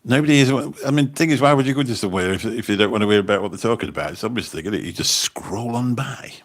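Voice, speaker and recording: A man's voice: fairly low pitch, racing. A man hosting a casual livestream, chatting in a rambling way and often repeating his words as he talks into a phone. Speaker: livestream host and taxi driver. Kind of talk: casual livestream chat reading comments.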